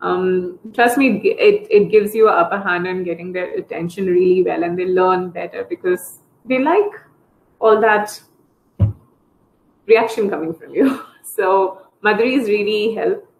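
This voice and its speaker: A woman therapist explaining language techniques to parents in a training session, breaking into high sing-song voices to model how to talk to children. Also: measured pace, a little mellow, reverberant, a little hiss or hum, low-quality recording. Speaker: early intervention therapist. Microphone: video call.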